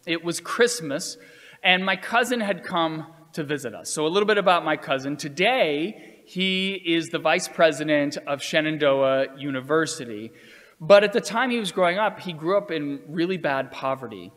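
A man's voice: fairly high pitch, animated, fairly bright tone. Earnest male storyteller in a reverberant hall. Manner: earnest, measured storytelling with acted quotes. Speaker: speaker telling personal stories. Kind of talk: storytelling talk.

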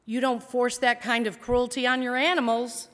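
A woman's voice: a little high, little pitch movement, moderate pace, a bit bright, long reverb tail, natural voice. A woman voicing a firm, compassionate teacher rebuking. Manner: intent, rebuking, emphatic.

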